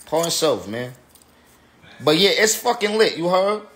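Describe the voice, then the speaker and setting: A man's voice: fairly high pitch, very animated, unhurried, a bit bright. A tipsy man, a battle rapper, ranting on a livestream in an emphatic, repetitive, slangy way. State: tipsy from drinking. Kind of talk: casual livestream rant.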